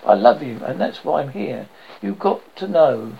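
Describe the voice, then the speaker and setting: A man's voice: on the high side, big pitch swings, moderate pace, gravelly, dull audio, slight background noise, full character voice. A man voicing a mangled dead young man who pleads and warns ominously. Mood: pleading.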